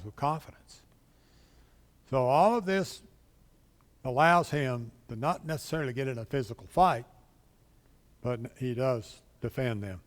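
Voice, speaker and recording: Man teaching a church Bible class. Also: mid-range voice. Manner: conversational, asks the class questions, acts out quotes. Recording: long hall reverb.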